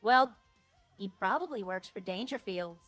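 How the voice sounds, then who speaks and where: A woman's voice: medium pitch, lively intonation, normal speed, a bit bright, no room sound, faint music behind. Rambling woman roleplay streamer. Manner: rambling, talks to herself while playing. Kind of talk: casual game roleplay chatter.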